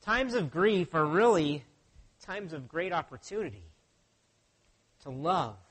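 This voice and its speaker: A pastor preaching a sermon has a notably high, fairly bright voice. He speaks earnestly and repeatedly addresses his listeners with rhetorical questions.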